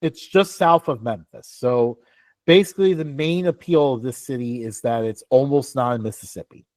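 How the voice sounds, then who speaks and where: A man's voice: mid-range voice, normal speed, darkish tone, dry recording, studio quality. A young man co-hosting a casual sports talk show, rambling with lots of fillers and laughs. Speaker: podcast co-host.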